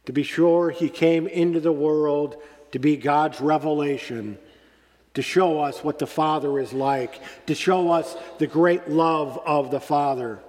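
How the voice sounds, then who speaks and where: A man preaching a sermon as pastor, slow and deliberate, lifting his voice on emphatic phrases. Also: a little high, fairly even intonation, a little mellow, big-room sound.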